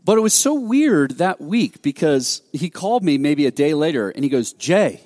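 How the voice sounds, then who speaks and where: A man's voice: a little high, big pitch swings, normal speed, warm tone, long reverb tail. A man preaching a sermon, telling a story animatedly and acting out quoted dialogue with frequent restarts. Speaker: pastor.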